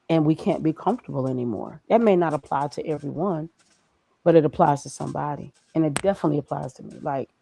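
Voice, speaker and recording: A woman's voice: deep voice, vocal fry, warm tone, no echo. Woman giving emphatic, preachy advice. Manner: emphatic, preachy, talks through her own feelings. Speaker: guest, graphic designer. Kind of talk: casual motivational conversation.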